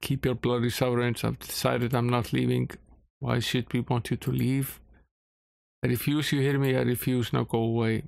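A man's voice: medium pitch, flat delivery, normal speed, vocal fry, a little mellow, dry recording. A man reading an angry scolding woman. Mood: irate. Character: angry woman shouting from a window.

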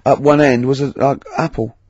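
A man's voice: mid-range voice, fairly even intonation, moderate pace, darkish tone, breathy edge, no echo, lo-fi sound. A man co-hosting a comedy radio chat, laughing and teasing. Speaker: radio co-host.

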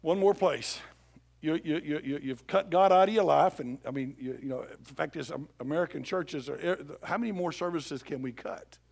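A male pastor preaching a sermon in a church, dropping to a hush for scripture and rising to shouts. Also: on the high side, moderate pace, vocal fry. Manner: swings from hushed scripture reading to loud shouted exhortation. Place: church sanctuary.

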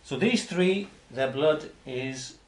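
A man giving an explanatory lecture on hadith as a religious teacher, talking in a halting way with frequent restarts and repeated words. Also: on the high side, expressive. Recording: roomy echo.

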